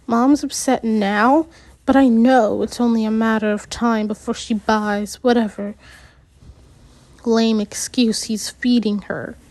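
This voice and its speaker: Slow high-voiced woman reading a novel. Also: fairly even intonation, a little mellow, dry recording. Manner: unpolished reading with slips and retakes. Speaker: audiobook narrator. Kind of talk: first-person novel narration.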